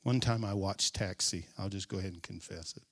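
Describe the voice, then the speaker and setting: A male pastor preaches a sermon, emphatically repeating and drawing out key phrases, sometimes dropping into a hushed aside. His voice sits low and his pace is brisk.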